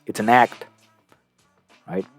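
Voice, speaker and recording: A man's voice: slow, faint music behind. A man hosting a reaction video, talking in a rambling, profane way with frequent chuckles. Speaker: host reacting to a clip. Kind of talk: casual commentary.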